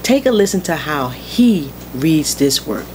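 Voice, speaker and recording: Low-voiced woman teaching about writing. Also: very animated, measured pace, noisy background. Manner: chatty, self-interrupting. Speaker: writing vlog host. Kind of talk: casual instructional talk.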